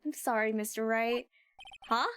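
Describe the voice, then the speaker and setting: A woman voicing an eager young female forensic scientist in a game, bright and excitable. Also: a little high, measured pace, slight background noise. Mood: earnest. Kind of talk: game dialogue read aloud.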